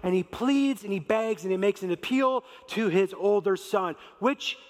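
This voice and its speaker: A man preaching a sermon as a pastor, telling the story in an animated way with casual slang. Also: high voice, moderate pace. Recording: reverberant large hall.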